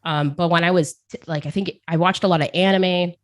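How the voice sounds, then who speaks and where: A woman's voice: on the low side, steady tone, fairly quick. A woman guest in a casual interview, rambling and chatty, often laughing and repeating words as she talks about her work as a caster. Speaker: esports caster, podcast guest.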